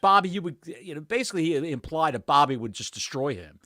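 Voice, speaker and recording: Animated, bright-voiced podcast man. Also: on the high side, quick pace, no room sound, clean studio sound. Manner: animated storyteller, jokey asides. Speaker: podcast co-host. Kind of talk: casual chat.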